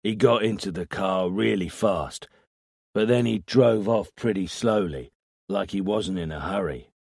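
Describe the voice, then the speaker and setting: A man's voice: deep voice, a little slow, creaky, a little mellow, no room sound, studio quality, heavily acted. A man voicing a crude, smug small-time crook who tells police his story hesitantly and bargains for a deal. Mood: sullen. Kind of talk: audiobook character voice.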